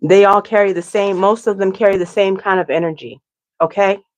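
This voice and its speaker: A woman's voice: mid-range voice, fairly even intonation, a little fast, lo-fi sound. Woman, tarot reader, casual, chatty, repeats herself. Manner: chatty, tags lines with "okay?", repeats herself. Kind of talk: casual tarot reading to viewers.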